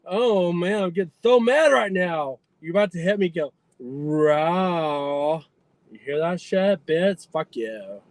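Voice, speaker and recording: Brief: high-voiced man, very lively, ranting taunts with shrill yelps, dry audio. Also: normal speed, few pauses, dry recording. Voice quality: loud squealing "ooh" yelps, profane taunting. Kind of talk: trash-talking rant.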